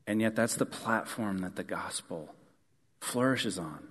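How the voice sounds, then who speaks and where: A man preaching a sermon in an earnest way. He rises to emphatic questions and then drops to a soft, quiet close. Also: lowish voice, unhurried, slightly rough, long reverb tail. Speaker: pastor.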